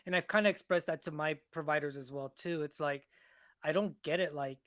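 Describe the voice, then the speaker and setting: A man hosting a casual chat, talking haltingly with fillers. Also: a little high, a bit bright, no room sound, clean studio sound.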